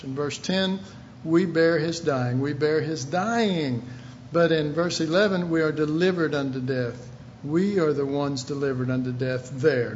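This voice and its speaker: High-voiced emphatic preacher man. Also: lo-fi sound, slight background noise. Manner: emphatic, rising to shouted questions; reads scripture aloud in King James wording. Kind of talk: sermon.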